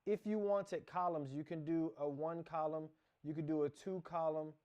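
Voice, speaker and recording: A fairly high-voiced man walks through a software lesson while sharing his screen. He rambles casually, narrating each click and correcting himself mid-sentence. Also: fairly even intonation, moderate pace, dull audio. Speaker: course instructor. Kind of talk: casual screen-share tutorial.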